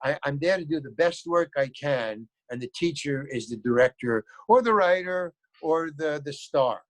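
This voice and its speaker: A man's voice: a little high, lively intonation, moderate pace, no room sound, low-quality recording. An older man, an actor, telling rambling anecdotes in a casual interview. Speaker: actor guest.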